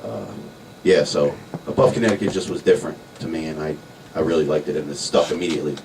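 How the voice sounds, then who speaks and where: A man's voice: a bass voice, quick pace. A man in a band, chatting casually in an interview, rambling a little with restarts. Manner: laid-back, rambling with restarts. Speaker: band member. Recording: distant mic with faint background noise.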